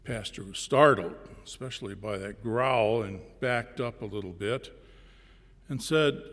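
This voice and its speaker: A man preaching a sermon, telling a parable slowly and deliberately, with pauses between phrases. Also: fairly low pitch, a bit bright. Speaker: pastor. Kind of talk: sermon storytelling. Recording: long reverb in a large hall.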